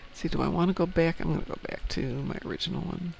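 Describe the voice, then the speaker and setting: A man's voice: a little high, fairly even intonation, racing, creaky, slight background noise. A man from Chicago hosting a game stream, chatting casually and joking as he goes. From Chicago, United States. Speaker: stream host. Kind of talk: casual chat while gaming.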